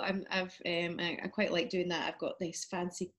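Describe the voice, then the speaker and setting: A woman's voice: lowish voice, flat delivery, moderate pace, a bit bright. A Scottish woman chatting casually as an interview guest over a video call, laughing often and trailing off. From Scotland. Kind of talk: casual chat.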